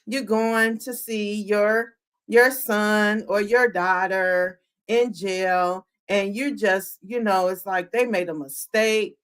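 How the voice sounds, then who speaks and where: A woman's voice: medium pitch, slow pace, clean tone. Chatty woman recapping a show live. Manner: animated, talks to the chat, acts out quotes. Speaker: podcast host.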